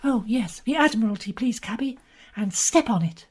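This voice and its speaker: A woman's voice: fairly high pitch, expressive, normal speed, a little mellow, husky. A woman voicing a pompous, bumbling naval captain in a comedy audio play.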